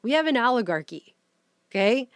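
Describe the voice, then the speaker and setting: A woman's voice: on the high side, very animated, clear, resonant tone, dry recording, studio quality. Indignant, sarcastic woman commentator. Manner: sarcastic and indignant, talks fast when worked up. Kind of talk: opinion commentary.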